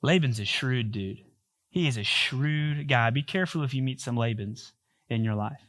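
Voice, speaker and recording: A man's voice: medium pitch, moderate pace, fairly bright tone. A male pastor giving a sermon, telling a story in a joking, conversational way.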